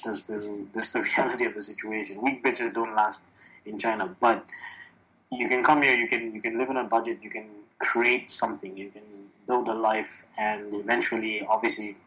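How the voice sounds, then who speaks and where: Bright-voiced candid man, swearing freely. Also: fairly low pitch, poor audio. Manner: candid, profane, animated storytelling. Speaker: podcast guest. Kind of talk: casual podcast chat. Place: lives in China, recorded remotely or in a room.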